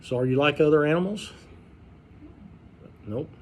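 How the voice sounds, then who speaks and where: A pastor leading an informal Bible study, talking conversationally and quizzing the group with questions. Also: male voice, a little high, normal speed, a little hiss or hum. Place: church study group room.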